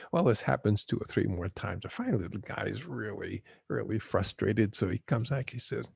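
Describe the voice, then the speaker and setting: A man hosting a guided-imagery talk, a gentle, unhurried storyteller who chuckles as he teaches. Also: fairly low pitch, lively intonation, gravelly, breathy edge, dry recording. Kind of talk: reflective talk with teaching stories.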